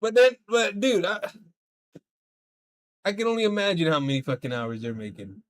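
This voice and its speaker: A male game streamer from the United States chats casually over his gameplay. He rambles through a long personal story, swearing freely and filling it with slang. His voice sits a little high for a man. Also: moderate pace. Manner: rambling, profane storytelling full of "bro" and "like". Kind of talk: casual chat while streaming.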